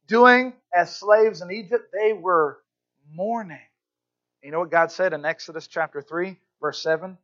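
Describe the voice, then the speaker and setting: A man preaching a sermon in church, earnest and conversational, often checking in with his listeners with quick asides. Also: high voice, a bit bright, dull audio. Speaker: pastor.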